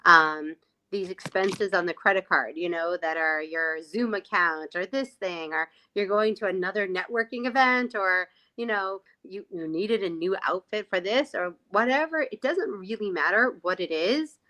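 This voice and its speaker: A woman guest on a podcast, talking reflectively and often pausing to find her words. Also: mid-range voice, bright, forceful tone. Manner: reflective, searching for words, many fillers. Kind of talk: conversational podcast chat.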